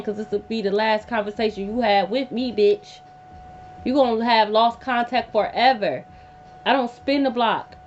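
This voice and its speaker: Brief: woman, tarot reader, high voice, blunt and profane, dull lo-fi audio with hum. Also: a bit bright. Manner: emphatic, blunt and profane, repeating lines for effect. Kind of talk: casual tarot reading to camera.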